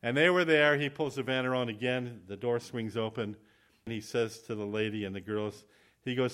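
A male preacher delivering a sermon in an animated storytelling manner, his voice at an ordinary middle pitch for a man. He talks to the congregation plainly and directly, then moves into a spoken prayer. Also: normal speed. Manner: animated, acts out quoted voices. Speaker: visiting preacher.

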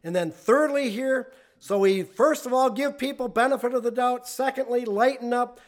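A man with a notably high-pitched voice delivers a relaxed, conversational sermon. He talks in a folksy storytelling way, chuckling as he goes. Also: moderate pace. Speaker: pastor.

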